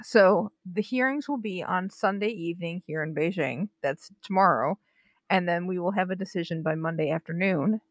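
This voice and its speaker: A woman co-hosting a casual sports chat show, talking in an animated, indignant way with frequent restarts. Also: lowish voice, moderate pace, no echo. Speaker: podcast co-host. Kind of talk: casual chat about Olympic news.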